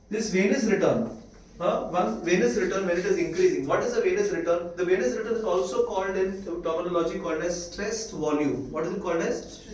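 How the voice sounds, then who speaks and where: A man's voice: sits high, darkish tone, slight background noise. A man with an Indian English accent giving a classroom lecture, repeating key points and asking the students if they follow. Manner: repetitive, checks understanding with quick questions. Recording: echoey room, mic far off.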